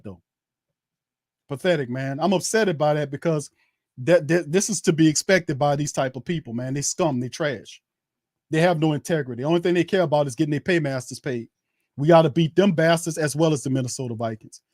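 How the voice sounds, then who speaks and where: A man's voice: a little high, a little mellow, no echo, studio quality. Fired-up New man ranting at refs. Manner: heated, indignant ranting with repeated words. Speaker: host of a fan watch party. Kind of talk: live fan play-by-play commentary.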